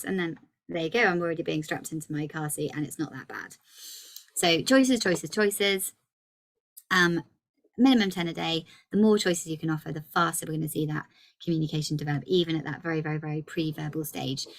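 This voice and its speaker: Low-voiced encouraging woman workshop leader. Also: fairly quick, gravelly. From England. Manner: lively and encouraging, acts out child dialogue. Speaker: early communication practitioner. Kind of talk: workshop talk to parents.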